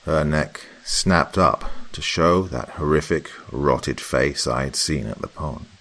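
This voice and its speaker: A man narrating a first-person horror story in a slow, hushed, dramatic way. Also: a bass voice, vocal fry.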